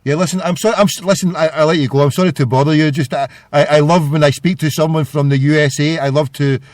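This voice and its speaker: A man's voice: a little high, steady tone, fast talker, a little mellow, dry recording, clean studio sound. Rambling jokey Scottish man. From Scotland. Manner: rambling, jokey, stumbling restarts. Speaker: radio show host. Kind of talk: casual call-in radio chat.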